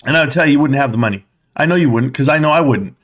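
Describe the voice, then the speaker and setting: A man's voice: mid-range voice, racing. A man hosting a casual livestream, rambling and asking rhetorical questions. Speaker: host.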